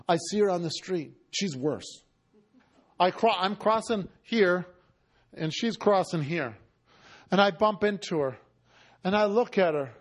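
A man preaching, telling a story in a conversational way and acting out the dialogue, shifting between loud and hushed. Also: high voice. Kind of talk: storytelling sermon.

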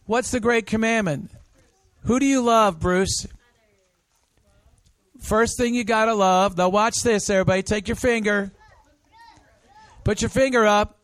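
A man preaching an interactive sermon, coaxing the congregation into call-and-response with slow, emphatic phrases. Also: high-pitched, a bit bright, dry recording. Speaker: pastor.

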